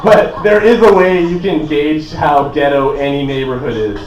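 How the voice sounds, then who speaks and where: Young man from Canada, easygoing stand-up with a slightly high voice, mic at some distance in an echoey room. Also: moderate pace. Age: 20s. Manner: laid-back and rambling, full of "like" and "uh". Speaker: stand-up comedian. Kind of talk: stand-up comedy set. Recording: roomy echo, voice from a distance.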